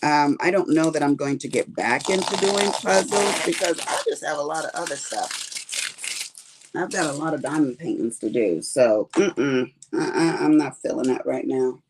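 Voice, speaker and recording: A woman's voice: deep voice, normal speed, noisy background. Chatty Texan woman, rambling livestream host. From Texas. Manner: chatty, rambling, calls viewers honey and baby. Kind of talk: casual chat with viewers while diamond painting.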